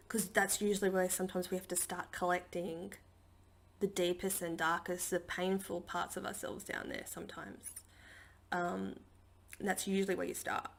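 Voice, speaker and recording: A woman's voice: medium pitch, gravelly, fairly bright tone. A woman giving a casual spiritual healing talk from her dining table at home, chatty and rambling with lots of fillers. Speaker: spiritual healer and channelling teacher.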